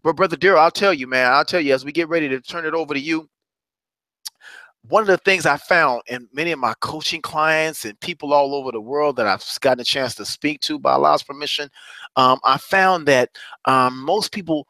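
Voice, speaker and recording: A man's voice: on the high side, brisk, sharp tone, no echo. A middle-aged man coaching listeners on a broadcast, preaching with rising passion and repeating phrases like a mantra. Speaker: motivational coach. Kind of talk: motivational talk on a broadcast.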